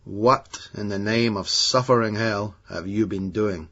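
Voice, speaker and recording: A man voicing a drunk, domineering American man who shouts and swears with disdain, with an American accent. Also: fairly low pitch, measured pace. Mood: outraged. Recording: dull lo-fi audiobook recording.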